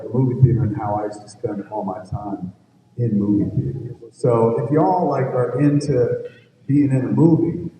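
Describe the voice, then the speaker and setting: Man, mid pitch, profane rambling storyteller at a convention panel, heard from far off in a big echoey hall. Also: mellow, a little hiss or hum. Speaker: filmmaker guest at a fan convention panel. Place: large convention hall with live audience.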